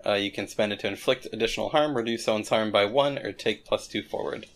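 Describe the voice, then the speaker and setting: A man's voice: on the low side, fast talker, gravelly, crowd noise. A man playing a tabletop role-playing game, chatting offhandedly and reading out his character's moves. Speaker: player. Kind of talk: casual tabletop play.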